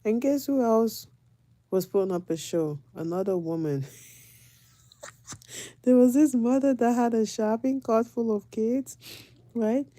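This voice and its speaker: A woman, a mother of four, telling everyday stories to the camera in an animated, laughing way. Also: on the high side, unhurried, long pauses, dry recording. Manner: animated, laughing, dramatic retelling. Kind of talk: casual storytelling vlog.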